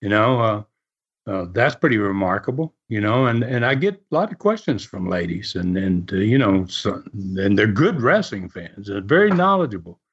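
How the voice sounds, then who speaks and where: A man's voice: fairly low pitch, sing-song, normal speed, husky. An older man hosting his own podcast, telling a long story in a rambling way with lots of fillers and restarts. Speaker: podcast host. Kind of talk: casual storytelling monologue. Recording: dull lo-fi recording.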